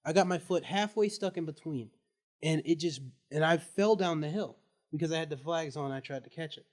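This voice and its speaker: A male student on a casual podcast, telling an animated story and laughing as he goes. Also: fairly high pitch, fairly quick. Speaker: student guest.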